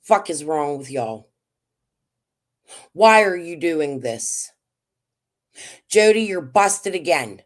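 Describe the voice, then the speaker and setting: Woman streamer, low voice, slow and blunt, swears often; casual livestream commentary. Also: expressive.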